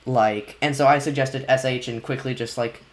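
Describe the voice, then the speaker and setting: Guy rambling on a casual podcast, excitable, lots of um and like. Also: medium pitch, moderate pace. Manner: rambling, excitable, many restarts and fillers. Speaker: podcast host reacting to a video. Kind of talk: casual group chat.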